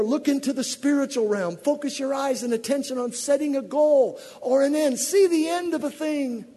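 A middle-aged man preaching a sermon, swinging between loud shouted exhortation and low, conversational storytelling. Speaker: pastor. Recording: long hall reverb.

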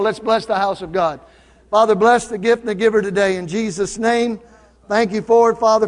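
A man's voice: high-pitched, long reverb tail. A man preaching a sermon as pastor, playful and teasing as he talks to the congregation. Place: church sanctuary.

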